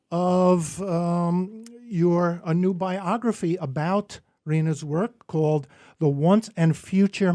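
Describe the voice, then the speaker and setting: A man's voice: high voice, warm tone. A man with a Brooklyn New York accent hosting a radio poetry show, chatting casually with many ums and jokes. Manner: halting, many ums, joking. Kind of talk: casual radio interview chat.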